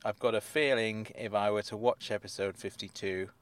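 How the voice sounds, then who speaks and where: A man's voice: lowish voice, steady tone, normal speed, clean tone, no room sound. Dry sardonic man riffing. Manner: dry, sardonic asides with chuckles. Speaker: host reading and riffing on episode synopses. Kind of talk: casual comic commentary.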